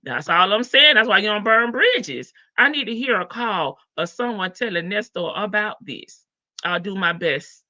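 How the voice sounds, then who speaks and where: A woman's voice: medium pitch, lively intonation, normal speed, bright, forceful tone, no echo. A woman with a Southern US accent hosting a casual livestream, gossiping, laughing and teasing her chat readers. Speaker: livestream host. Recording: dull lo-fi stream audio.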